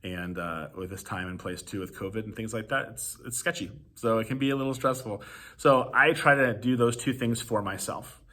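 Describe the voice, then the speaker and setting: A man hosting a podcast, giving casual advice to teachers and parents in a relaxed, conversational way full of ums and "you know". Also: on the low side, normal speed. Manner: relaxed, filler-heavy, conversational. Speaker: podcast host.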